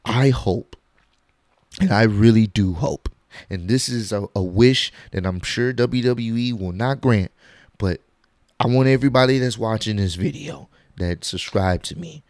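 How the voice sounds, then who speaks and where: Animated slangy man, dry close mic. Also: lowish voice, a little slow, no room sound. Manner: animated, slangy, acts out quotes in bursts. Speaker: wrestling commentary vlogger. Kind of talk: casual opinion vlog.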